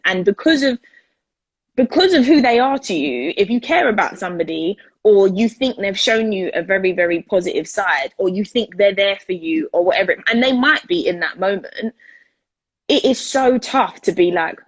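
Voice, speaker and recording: A woman's voice: medium pitch, normal speed, dry recording. A woman, a peer educator talking earnestly in a casual discussion. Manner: earnest, animated, repeats words for emphasis.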